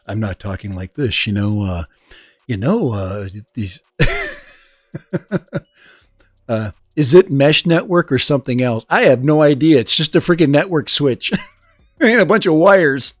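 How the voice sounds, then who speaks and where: Speaking in a mid-range, animated, unhurried voice, this livestream host and teacher chats casually from a home room. He rambles, laughs, and reads the chat into a desk mic, with no room sound and music in the background of the dry, close recording.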